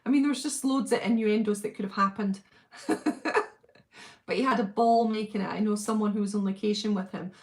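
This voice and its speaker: A woman's voice: medium pitch, steady tone, a little fast. Chatty Welsh woman, gushing and laughing. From Wales. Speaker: livestream host. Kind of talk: casual chat reading viewer comments.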